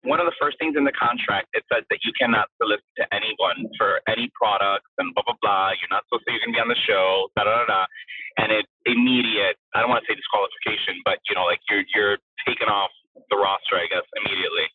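A man with a husky, breathy voice tells a long story as a guest, his pitch sitting in the middle of the range for a man. He is animated, acts out each quote, and keeps tossing in "blah, blah, blah." The sound is dry and thin, like a phone line. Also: fast, no room sound. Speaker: guest, drag performer. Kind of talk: casual storytelling interview.

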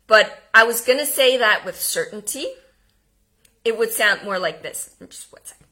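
Bright, slow-speaking woman coach. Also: fairly high pitch, animated. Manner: demonstrates tones, shifting from loud to hushed; laughs at herself, informal. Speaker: communication coach. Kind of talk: live online workshop talk.

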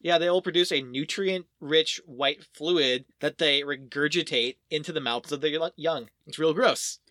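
A man's voice: on the high side, moderate pace, sharp tone, no room sound, studio quality. A man co-hosting a casual podcast, explaining odd facts in a playful, joking way. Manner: jokey, explains fun facts with playful asides. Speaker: podcast co-host. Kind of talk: casual chat.

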